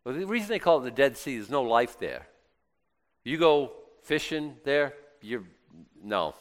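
A man's voice: mid-range voice, sing-song, unhurried. A man preaching a Bible teaching, reading scripture and commenting in a joking, conversational way with rhetorical questions. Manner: reads scripture aloud, then comments in a joking conversational aside; asks the listeners rhetorical questions, with swings between loud and quiet.

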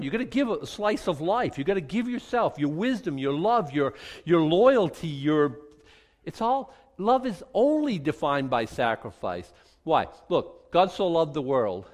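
A middle-aged male pastor preaching a lively, joking sermon and leading a prayer. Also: on the high side. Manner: lively, joking, acts out little voices, leads a closing prayer.

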